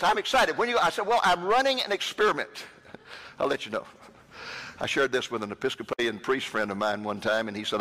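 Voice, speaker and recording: Animated preacher in an echoing hall. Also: male voice, mid-range voice, a little hiss or hum. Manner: animated storyteller, quotes people in lively voices. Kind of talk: sermon testimony storytelling. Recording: long hall reverb.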